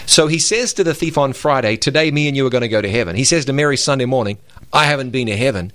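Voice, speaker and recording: A man's voice: mid-range voice, fast, fairly bright tone, dry recording. A man co-hosting a religious radio talk program, explaining Bible passages step by step in an emphatic, conversational way.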